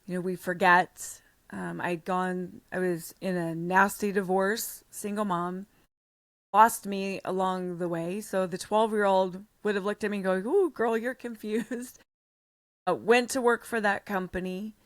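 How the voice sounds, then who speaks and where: A middle-aged American woman, a podcast guest, telling her story in a blunt, animated way with the odd swear word. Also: on the low side, a little slow, dry recording, clean studio sound. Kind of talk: storytelling in an interview.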